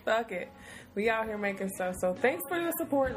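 A woman's voice: fairly high pitch, lively intonation, normal speed. A woman hosting a podcast in loose, affectionate, rambling chat with plenty of fillers. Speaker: podcast host.

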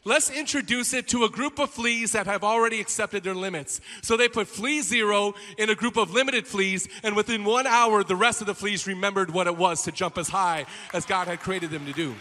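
A man preaching a sermon as pastor, swinging from quiet, low passages to shouted peaks. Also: a little fast, few pauses. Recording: long hall reverb.

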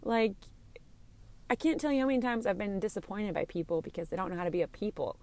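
A woman's voice: medium pitch, animated, fast, warm tone, no room sound. Young woman rambling on her podcast from the car, super chatty and gushy, says like a lot. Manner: gushing, chatty, lots of "like" and "freaking". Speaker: podcast host and streamer. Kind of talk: candid solo podcast chat.

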